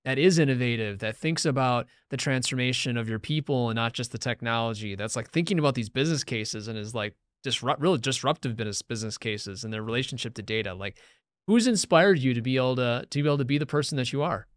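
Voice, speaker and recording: A man's voice: mid-range voice, fast talker, smooth, dry recording. A man hosting a podcast interview, enthusiastic and loose, with plenty of fillers. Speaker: podcast host. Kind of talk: casual interview.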